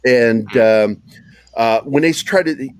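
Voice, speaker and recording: A man from a small Virginia town chats casually as a podcast co-host, rambling with lots of fillers and swearing. His accent is neutral American, though Southern slips in when he's tired. His medium-pitched voice is a little mellow and unhurried, with a bit of hiss or hum in the recording.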